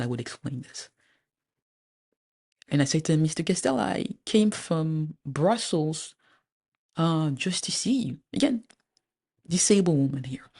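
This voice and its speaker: A woman lawyer giving a measured personal testimony, speaking deliberately with frequent pauses. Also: sits low, darkish tone. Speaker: lawyer recounting a personal legal dispute.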